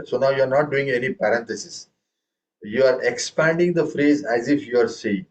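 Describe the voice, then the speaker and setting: A man's voice: mid-range voice, normal speed. A man teaching a tabla class. He talks patiently, often checking with "okay" and "right?", and chants rhythm syllables aloud for the students. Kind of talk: classroom music lesson. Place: room with students.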